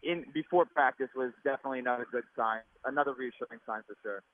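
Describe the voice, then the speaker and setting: A man reporting by phone from a practice rink, his voice muffled by a mask, talking rapidly and chattily. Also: mid-range voice, dry recording. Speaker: sports reporter calling in. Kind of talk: casual chat. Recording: tinny phone line.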